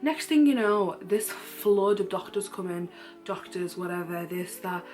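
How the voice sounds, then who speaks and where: A young woman, candidly retelling a personal story in a casual vlog, animated and full of fillers. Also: on the low side, measured pace, soft background music. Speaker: vlogger.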